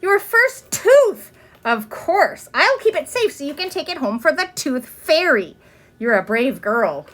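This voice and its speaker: A woman reading aloud and voicing a gentle, kind young teacher who speaks in a soothing way. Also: a little high, expressive, normal speed.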